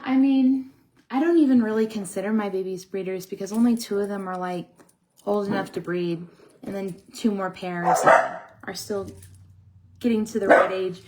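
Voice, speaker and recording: A woman's voice: medium pitch, steady tone, normal speed, darkish tone, slight background noise. A woman hosting a casual live stream from home, chatting with her viewers while she builds a pet toy. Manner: chatty, talks to her viewers and scolds her dogs. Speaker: sugar glider breeder and live stream host.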